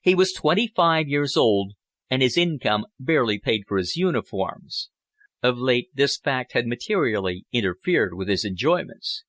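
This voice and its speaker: A man narrating a period novel as an audiobook in a measured, storybook way. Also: medium pitch, expressive, a bit bright, no echo.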